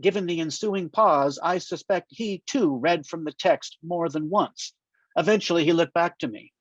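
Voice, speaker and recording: A man reading his novel aloud at a literary festival in a wry, deadpan way. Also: on the high side, moderate pace, no room sound. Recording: dull, muffled dry sound.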